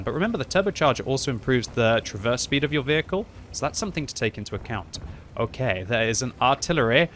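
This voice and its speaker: Young gamer-commentator, excitable and self-mocking, faint noise floor. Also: male voice, mid-range voice. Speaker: gaming commentator. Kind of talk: live gameplay commentary.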